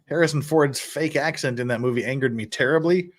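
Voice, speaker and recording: A man's voice: mid-range voice, normal speed. A man hosting a casual livestream, reading chat messages and rambling with frequent chuckles and restarts. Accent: American. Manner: lively, rambling, chuckles often, restarts words.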